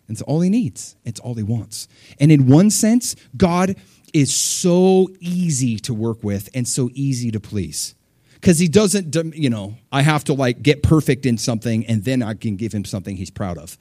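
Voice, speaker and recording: A middle-aged man preaching a sermon, talking loosely and acting out voices with sudden jumps in pitch. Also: moderate pace, no echo. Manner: animated, acts out voices of people and God with sudden pitch jumps. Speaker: pastor.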